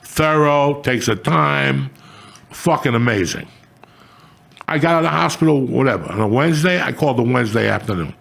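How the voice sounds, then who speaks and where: Gravelly older man, profane storyteller. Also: medium pitch, a little fast. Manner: swearing, animated, rising to loud outbursts. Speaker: comedian, show guest.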